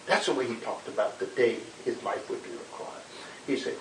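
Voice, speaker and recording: A man's voice: mid-range voice, brisk. Older man telling stories in an echoey room. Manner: animated storyteller, dramatic quotes, many repeated words. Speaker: civil rights era minister recounting history. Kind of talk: conversational storytelling interview. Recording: echoey room, distant mic, hiss.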